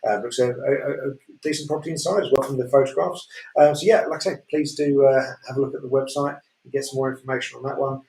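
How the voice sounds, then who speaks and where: A man's voice: medium pitch, fairly even intonation, quick pace, dark tone. Chatty auctioneer man in a roomy echo. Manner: chatty, hesitant, many fillers and restarts. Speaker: auctioneer presenting lots. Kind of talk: live auction show chat.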